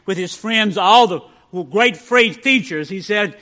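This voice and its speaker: A male pastor preaching a sermon, telling folksy humorous stories and dropping to a hush for the punchlines. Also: high-pitched, lively intonation, a little slow.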